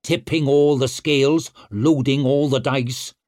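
A sour old chieftain mutters grimly, low and hushed, weary of the young, as a man puts him on. The storybook recording is dry and close. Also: fairly even intonation, a little slow, no room sound, natural voice. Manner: sour, grim, low and quiet. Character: sour, grim aging male chieftain.

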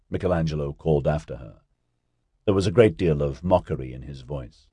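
A man's voice: sits low, moderate pace, breathy edge, no room sound, clean studio sound. A man narrating an audiobook expressively, voicing every character himself. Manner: expressive, voices many characters.

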